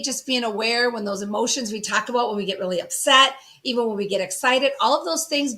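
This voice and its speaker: Bright-voiced woman with a Minnesota accent. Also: fairly high pitch. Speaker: talk show guest, communication expert. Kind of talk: interview talk.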